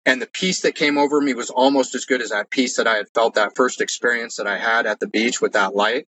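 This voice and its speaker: In a low-quality recording with a bit of hiss or hum, a man with a medium-pitched, steady voice speaks briskly in a bright, forceful tone. He's an interview guest telling his own story through casual storytelling, earnest and rambling, full of "like" and restarts.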